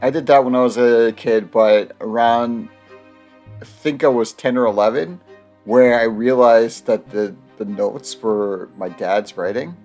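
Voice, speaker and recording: A man's voice: mid-range voice, fairly even intonation, a little slow, a little mellow, soft background music. A man reading out a story game's text in a let's play, breaking into jokes and laughter. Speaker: gamer reading the game text aloud. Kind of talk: let's play narration and banter.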